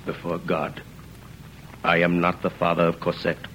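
An actor playing a remorseful ex-convict, speaking in a grave, halting, low voice in an old radio drama. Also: male voice, monotone, a bit bright, slight background noise, low-quality recording. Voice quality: deep, gravelly. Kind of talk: 1930s radio drama acting.

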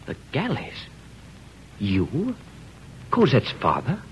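An actor playing an earnest young bridegroom in an old radio drama, often stammering. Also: male voice, lowish voice, very animated, fairly quick, slight background noise. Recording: dull old radio recording.

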